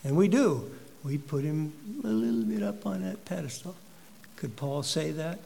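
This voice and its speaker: A man's voice: a little high, normal speed, gravelly, mellow, in a large hall. A man preaching a sermon, building emphasis and asking the congregation rhetorical questions. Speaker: pastor.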